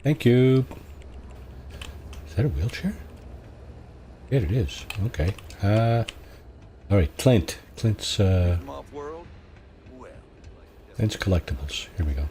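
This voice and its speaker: A man giving relaxed, casual gameplay commentary, thinking aloud as he plays. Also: fairly low pitch, slow, pauses often. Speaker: gaming video host.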